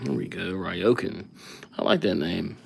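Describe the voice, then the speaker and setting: A man's voice: deep voice, a little slow, gravelly, darkish tone, husky. A man hosting a live calligraphy stream, chatting casually and rambling as he thinks aloud between names. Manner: rambling, easygoing, thinks aloud while writing. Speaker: livestream calligraphy host.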